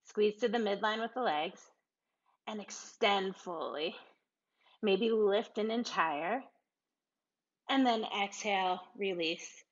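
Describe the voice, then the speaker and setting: Female yoga teacher, unhurried encouraging cues, slightly muffled recording. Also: mid-range voice. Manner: calm, encouraging cueing with breathy laughs. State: out of breath at times. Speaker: yoga instructor. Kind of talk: guided yoga class cues.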